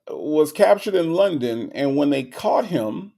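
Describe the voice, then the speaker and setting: A man's voice: on the high side, expressive, a little slow, vocal fry, hardly any pauses, warm tone. A man hosting a live stream, talking to his chat in an emphatic, sarcastic, repetitive rant. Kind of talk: casual commentary to chat.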